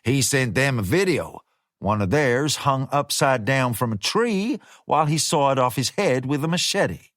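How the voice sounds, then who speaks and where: A man's voice: medium pitch, animated, unhurried, fairly bright tone, no room sound, clean studio sound. A man voicing a menacing hired fixer who talks in a laid-back, slangy way. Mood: matter-of-fact.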